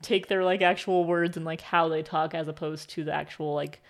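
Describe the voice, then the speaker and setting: A woman's voice: low-pitched, steady tone, normal speed. A young adult woman co-hosting a book club podcast, chatting casually with a giggly manner and lots of "like" fillers. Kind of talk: casual chat.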